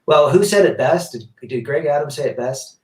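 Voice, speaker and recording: A man's voice: a little high, animated, moderate pace, darkish tone, echoey room, recorded from a distance. A man hosting a casual live stream, reading viewer comments aloud and answering in a rambling, blunt way with many restarts.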